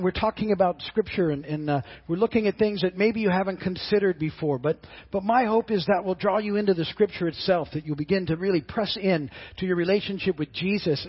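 Earnest husky pastor preaching, halting restarts. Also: male voice, high voice, highs cut off. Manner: earnest, halting with frequent repeated words. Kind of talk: sermon.

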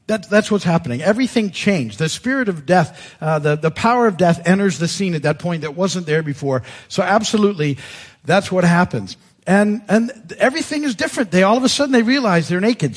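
Man, pastor, husky, slightly high voice, casual emphatic sermon. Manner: emphatic, informal, frequent restarts. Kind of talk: conversational sermon teaching.

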